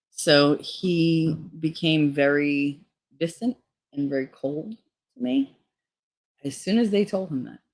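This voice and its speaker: A woman hosting a casual livestream, telling frank, profane stories and reading out chat comments. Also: rumbling low. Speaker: streamer host.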